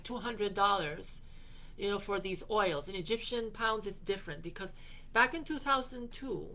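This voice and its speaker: A woman hosting a show recounts a personal trip in a loose, meandering way. She fills her sentences with little fillers and restarts, and she slips into quoting the people she met along the way. Her voice sits at a middle pitch. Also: bright, forceful tone. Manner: rambling, with frequent fillers and restarts; quotes other people in her retelling. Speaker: podcast host. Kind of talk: personal travel storytelling.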